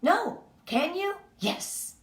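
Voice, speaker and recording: A woman's voice: extremely high pitch, sing-song, extremely slow. A woman leading a sales team, giving an upbeat, chatty motivational training talk. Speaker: direct sales team leader. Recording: roomy, from a distance.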